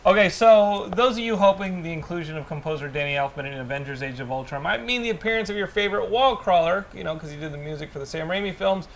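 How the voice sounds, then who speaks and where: A man co-hosting a casual panel show, reading news items and cracking quick jokes. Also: high voice, fairly bright tone, slight background noise. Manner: joking, quick comebacks.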